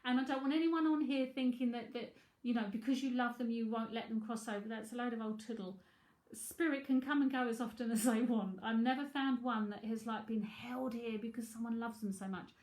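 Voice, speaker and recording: A woman's voice: on the high side, a little fast, few pauses, darkish tone, echoey room. A middle-aged woman, a psychic tarot reader, chatting frankly and laughing often as she answers viewers. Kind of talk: casual livestream chat.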